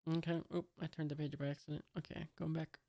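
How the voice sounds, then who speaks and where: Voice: mid-range voice, flat delivery, quick pace, vocal fry, dark tone, no room sound, clean studio sound. A host reading a comic aloud for the first time, hesitant and commenting along, reading out sound effects and punctuation.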